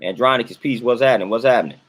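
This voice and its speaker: A young adult man hosting a livestream talks casually to his chat, reading it and using colloquial speech with repetition for emphasis. His voice is medium-pitched and rapid-fire.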